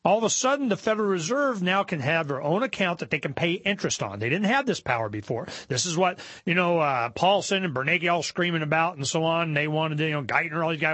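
A man's voice: a little high, animated, fairly quick, few pauses, fairly bright tone, no room sound. A man hosting a talk show, commenting casually while reading news aloud, with mocking asides and rhetorical questions.

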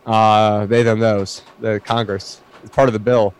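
A man's voice: lowish voice, level tone, a little slow, clean tone. A man talking as a guest in a casual chat, hesitant with many restarts. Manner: hesitant, full of restarts and fillers.

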